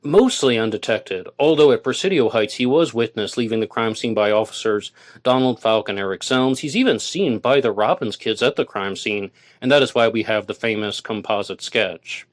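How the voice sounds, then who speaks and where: A man's voice: fairly low pitch, moderate pace. Man hosting a solo podcast. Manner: argumentative, reads quotes aloud and rebuts them. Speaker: podcast host.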